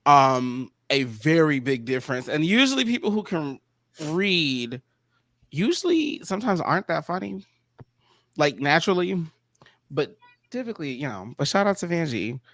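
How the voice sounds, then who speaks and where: A man's voice: a little high, very animated, normal speed, fairly bright tone, dry recording, clean studio sound. A man on a review panel, chatting casually and laughing as he retells moments with big swings in his voice. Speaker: podcast panelist. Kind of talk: casual chat.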